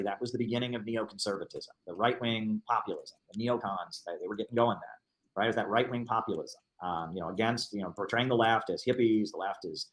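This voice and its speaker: A man's voice: lowish voice, poor audio. A man giving political commentary on a livestream, argumentative and emphatic, repeating his points.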